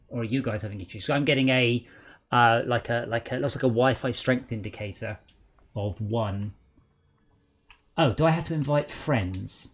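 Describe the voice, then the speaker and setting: A man hosting a casual gaming stream, chatting and rambling aloud with lots of fillers while he sorts out game problems. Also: mid-range voice.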